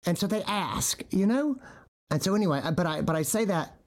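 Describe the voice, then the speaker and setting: A man's voice: high voice, lively intonation, a little fast. A middle-aged man, a veterinarian podcast host, telling stories in casual chat and acting out quotes with animation.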